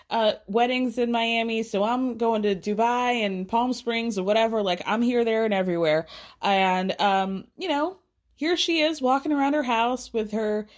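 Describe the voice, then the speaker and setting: A woman chatting through a reality show recap in a casual, gossipy way. Her voice sits a little high, and she keeps slipping into quick impressions of the people she quotes. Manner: gossipy, animated, mimics cast members' voices.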